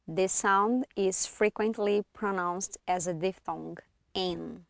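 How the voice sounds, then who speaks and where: A woman's voice: medium pitch, fairly even intonation, slow, vocal fry, no room sound, clean studio sound. A woman reading pronunciation examples in a language lesson, with precise, word-by-word delivery. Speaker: guest reader.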